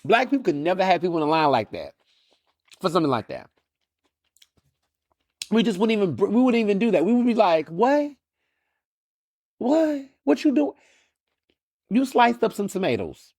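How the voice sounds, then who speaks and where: With a high voice, a slightly fast pace, and frequent pauses, a Texas podcast host riffs solo in an opinionated, sardonic way. He's animated, tosses in mocking asides, and often restarts and repeats words; there's no echo.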